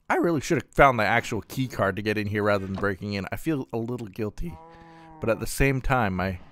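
A man's voice: fairly low pitch, fairly bright tone. A man hosting a gaming channel, thinking aloud in casual gameplay commentary with plenty of fillers and trailing thoughts.

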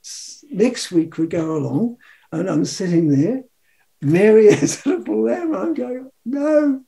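A man's voice: high voice, sing-song, unhurried, gravelly, mellow. A New man in his seventies telling a personal story in a rambling, chuckling way, acting out the quotes. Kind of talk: casual storytelling.

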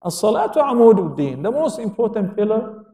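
A man's voice: high voice, big pitch swings, brisk, warm tone. A man giving a religious lecture to an audience, asking questions and answering them himself, with quotations in Arabic. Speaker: Islamic lecturer. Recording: echoey hall, speaker far from mic.

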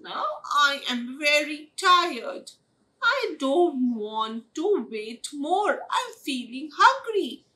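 A woman's voice: on the low side, very animated, slow, sharp tone, voice pushed down, exaggerated voice. A woman voicing Blackie, a rude, ill-mannered little kitten girl, in a children's story. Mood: sulky. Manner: rude, demanding.

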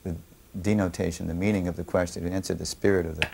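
A man with a lowish voice tells a remembered story at a measured pace. He stops along the way to explain the meaning behind what happened. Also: flat delivery, gravelly, background noise. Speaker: devotee recalling memories. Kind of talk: reflective storytelling.

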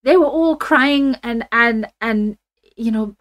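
Animated young woman ranting. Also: on the high side, slow. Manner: animated, exasperated rants with laughs and fillers. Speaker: reaction channel host. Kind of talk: casual reaction chat to camera.

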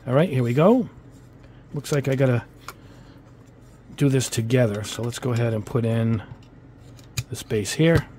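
Here the voice is mid-range and mellow, at a moderate pace with frequent pauses and slight background noise. He's a hobby model-kit YouTuber at his bench, casually reviewing a product in a rambling, filler-heavy way with chatty asides, in a New England accent tinged with Italian-American speech.

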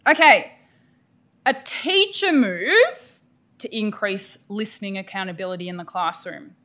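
A middle-aged Australian woman gives an energetic, emphatic professional development lecture to teachers. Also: mid-range voice, measured pace. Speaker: teacher educator presenting a workshop.

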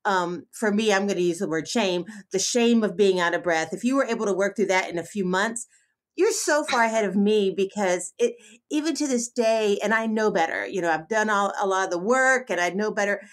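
A woman's voice: mid-range voice, brisk. Emphatic middle-aged woman hosting a podcast. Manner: warm-hearted, emphatic, many fillers and restarts. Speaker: podcast host. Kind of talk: casual podcast interview.

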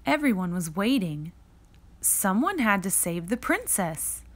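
A woman reading a children's picture book aloud in a slow, expressive read-aloud manner. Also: mid-range voice. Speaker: reader.

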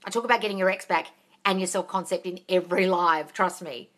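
Woman, bright voice, blunt and sweary, casual live-stream chat, phone mic. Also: fairly low pitch, fast. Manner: blunt, swears freely, calls viewers darling. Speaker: manifestation coach hosting a live Q&A.

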